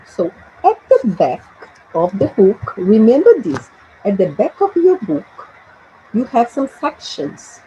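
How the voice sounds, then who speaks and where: A woman's voice: fairly high pitch, huge pitch swings, takes it slowly, mellow, slight background noise, poor audio. A woman from Brazil, teaching an English lesson and patiently checking understanding with frequent tag questions. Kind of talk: classroom explanation.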